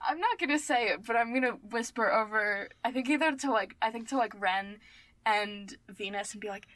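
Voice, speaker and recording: Higher-voiced woman playing a tabletop game, dry sound. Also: moderate pace, fairly bright tone, dry recording, low-quality recording. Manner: hesitant, asks many questions. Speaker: player. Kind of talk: casual tabletop game chat.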